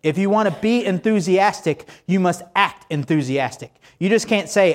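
A man's voice: high voice, normal speed, few pauses. A pastor preaching a sermon to his congregation in a church, conversational and joking, asking many rhetorical questions.

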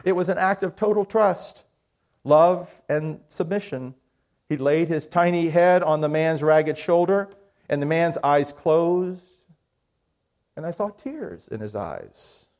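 A man preaching a sermon as a pastor, telling a story earnestly and then praying softly and slowly. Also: fairly high pitch, expressive. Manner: earnest storytelling that drops to a soft, slow prayer. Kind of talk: sermon with a told story and prayer.

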